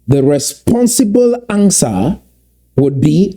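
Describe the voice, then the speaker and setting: A man giving impassioned political commentary, emphatic and repeating key points slowly for weight. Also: high voice, big pitch swings, mellow.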